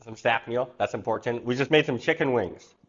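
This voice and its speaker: A man's voice: medium pitch, brisk, lo-fi sound. A man hosting a live online cooking class, chatting casually and rambling into stories. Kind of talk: casual livestream class chat.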